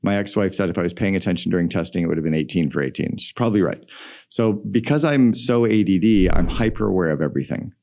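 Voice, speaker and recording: Gravelly low-voiced middle-aged man. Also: fast talker. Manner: energetic, emphatic storyteller. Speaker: guest entrepreneur. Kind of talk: podcast interview storytelling.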